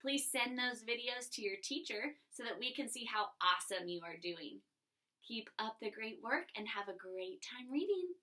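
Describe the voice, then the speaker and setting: A woman teacher giving a recorded reading lesson to young children, expressive and encouraging. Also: fairly high pitch, normal speed. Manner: expressive, encouraging, sing-song.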